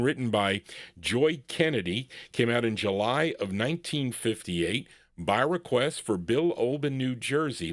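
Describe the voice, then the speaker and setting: A radio host and DJ runs a live record show, chatting casually and rambling with fillers as he addresses his listeners as folks. His mid-range voice comes through clean studio sound with no echo.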